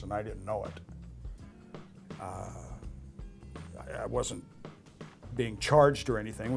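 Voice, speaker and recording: A man's voice: mid-range voice, gravelly. An older man, a former casino dealer from Las Vegas, telling rambling anecdotes in an interview, with frequent filler uhs. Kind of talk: storytelling interview.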